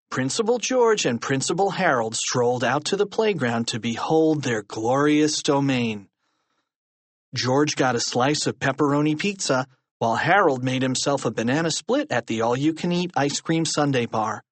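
Brief: male audiobook narrator, lively swooping delivery, dry close sound. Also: medium pitch, moderate pace, no echo. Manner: animated reading with lively character voices. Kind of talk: scripted narration.

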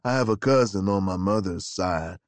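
A man reading a story, voicing a formal, deferential manservant in a low, measured tone. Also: no echo, natural voice. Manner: measured, polite, low and even.

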